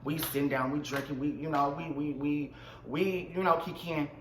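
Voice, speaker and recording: A man telling a storytime vlog in an animated, slangy and dramatic way. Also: on the high side, moderate pace, reverberant, noisy background. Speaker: vlogger.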